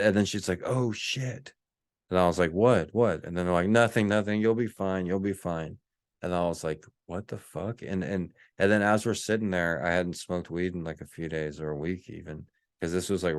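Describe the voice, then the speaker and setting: A man's voice: sits low, smooth, no echo, studio quality. A man hosting a podcast, telling a rambling personal story in a casual monologue, full of restarts and acted-out quotes. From Texas. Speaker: podcast host.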